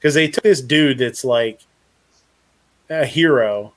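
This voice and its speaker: A man's voice: mid-range voice, takes it slowly. A man hosting a casual live chat show, rambling with lots of fillers and blunt opinions. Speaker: podcast host.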